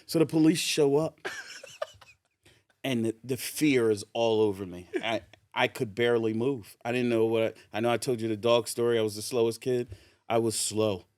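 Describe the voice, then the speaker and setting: A man's voice: mid-range voice, normal speed, dry recording. A man, a podcast guest, tells a funny anecdote casually, laughing often as he goes. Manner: animated storyteller who laughs often.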